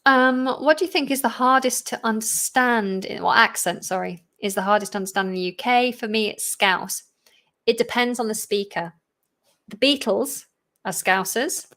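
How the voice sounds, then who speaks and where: A woman's voice: fairly high pitch, normal speed, fairly bright tone. A woman, a teacher answering viewer questions in a chatty live Q&A, laughing often and sounding a bit tired. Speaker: English teacher and channel host.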